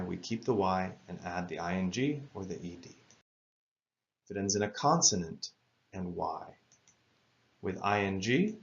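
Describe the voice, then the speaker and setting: Slow, deep-voiced male grammar teacher. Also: dull audio. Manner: slow, careful, spelling words out letter by letter. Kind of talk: scripted lesson narration.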